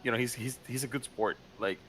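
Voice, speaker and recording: A man in casual chat, talking in a halting, hesitant way with many restarts. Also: medium pitch, steady tone, a bit bright, slight background noise, rough recording. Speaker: fellow role-player.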